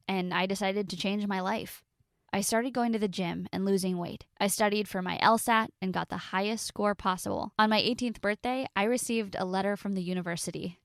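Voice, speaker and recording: A woman in her twenties narrating a first-person story in a confessional tone, with dramatic pauses. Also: medium pitch, no echo, clean studio sound.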